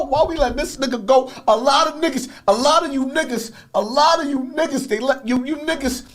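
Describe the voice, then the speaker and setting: A man talking in a raw, confessional way, intense and rambling, repeating himself. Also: very high-pitched.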